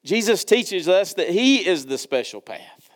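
A man's voice: high-pitched, sing-song, unhurried. A man preaching a sermon in a church service, reading scripture and asking the congregation earnest, conversational questions. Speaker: pastor.

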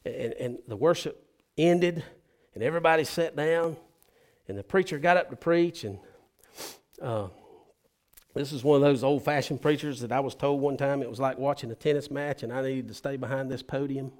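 A man preaches as a pastor. He tells a story and voices the people in it. His speech moves between quiet, low stretches and sudden loud, high bursts. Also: normal speed. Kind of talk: sermon storytelling.

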